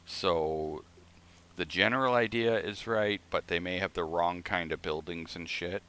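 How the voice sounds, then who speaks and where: A man's voice: low-pitched, a little slow, a bit bright. A man streaming a flight simulator, telling a rambling, profane story in casual chat.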